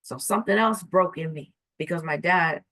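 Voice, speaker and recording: A woman telling a personal story in an earnest, halting way, often restarting and repeating her words. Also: fairly low pitch, fairly bright tone, poor audio.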